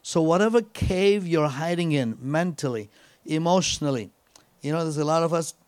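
A man's voice: fairly high pitch, normal speed, smooth, dry recording. A man preaching as a guest speaker, telling a personal story and returning again and again to a scripture refrain with frequent "praise God.". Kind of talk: sermon.

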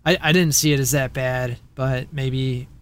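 A man's voice: medium pitch, steady tone, measured pace, fairly bright tone, a little hiss or hum. A man co-hosting a casual podcast about collectible figures, laughing often and talking loosely. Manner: laughs often, puts on silly voices. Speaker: podcast co-host. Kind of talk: casual chat.

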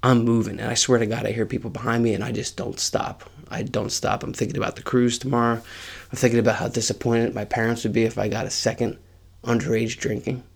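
A man in his forties, hosting his podcast, tells a story in a casual and animated way. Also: medium pitch, quick pace, creaky, breathy edge. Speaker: podcast host.

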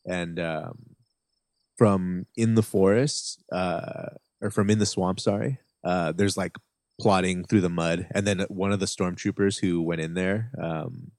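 Brief: deep-voiced man running a tabletop game, loose halting narration, dry close sound. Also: fairly even intonation, darkish tone, no room sound. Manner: casual, halting narration full of fillers. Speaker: game master.

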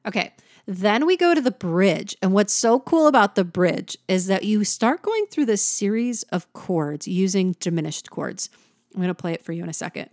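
A woman's voice: mid-range voice, sing-song, normal speed, a little mellow, no echo, studio quality. A woman giving a casual, enthusiastic music lesson, breaking into sung examples now and then. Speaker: music teacher.

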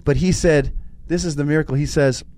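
A man's voice: fairly high pitch, fairly quick. A man co-hosting a casual spiritual talk show, telling stories with lots of restarts. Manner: animated storytelling, frequent restarts. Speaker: co-host.

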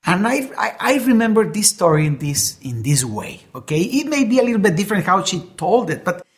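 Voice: medium pitch, sing-song, fairly quick. A preacher giving a sermon and telling an illustration story, speaking earnestly and often repeating words while searching for them.

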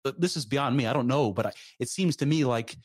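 Man, mid pitch, dry close sound, halting and filler-heavy. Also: no room sound. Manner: hesitant, searches for words, many fillers. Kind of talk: casual conversation.

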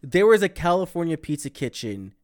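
A man's voice: on the high side, very animated, a little fast. Blunt, profane podcast man. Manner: blunt, profane, exaggerated rants. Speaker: podcast co-host. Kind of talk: casual chat.

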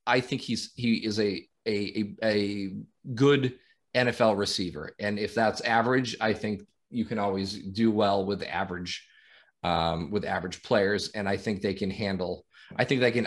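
A man on a casual sports podcast, giving his views haltingly and repeating words as he thinks. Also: lowish voice. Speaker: podcast co-host.

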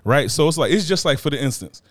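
A man's voice: on the high side, lively intonation, fast talker, no echo, clean studio sound. A man on a casual podcast chat, talking bluntly and with lots of profanity, often checking in with "you know what I mean". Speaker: podcast co-host.

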